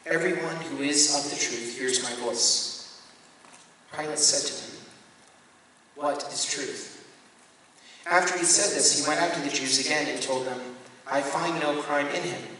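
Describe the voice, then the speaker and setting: A priest reads scripture aloud in a slow, deliberate way. His voice is bright and carries some force, and it is heard from a distance. It echoes through a large, reverberant hall with faint noise in the room. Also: fairly high pitch. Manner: measured, deliberate reading with occasional self-corrections. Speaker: Catholic priest leading a Bible study. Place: parish hall or church room.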